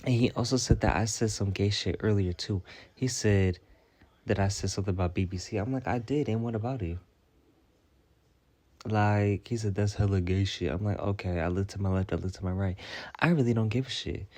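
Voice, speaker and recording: A man's voice: fairly low pitch, fairly quick, a little mellow. A man ranting through a storytime vlog, profane and exasperated, firing off rhetorical questions. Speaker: storytime vlogger. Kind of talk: casual storytime rant.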